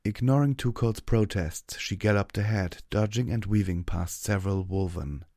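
Male narrator, low voice, dry close sound, steady audiobook read. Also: normal speed, no room sound. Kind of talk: scripted narration.

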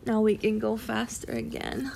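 A woman in a whispered role-play, talking slowly in a teasing, domineering way and often dropping to a whisper. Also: a little high, fairly even intonation, creaky, darkish tone, a little hiss or hum. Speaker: audio role-play performer.

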